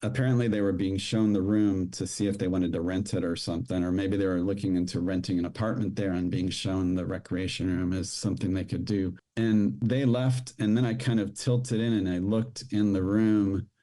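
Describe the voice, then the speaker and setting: A man speaking as a podcast guest, giving a personal testimony in plain, halting storytelling with fillers. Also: low-pitched, fairly even intonation, mellow.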